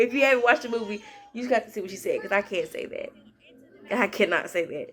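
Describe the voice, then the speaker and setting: A young adult woman vlogger chats casually about a movie in a medium-pitched voice with a breathy edge, talking fast. She's animated and slangy, often acting out the lines she quotes.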